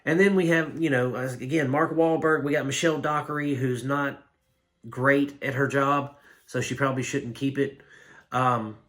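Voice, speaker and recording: A man giving a casual spoken film review, blunt and rambling, with animated complaints. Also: mid-range voice. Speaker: movie reviewer.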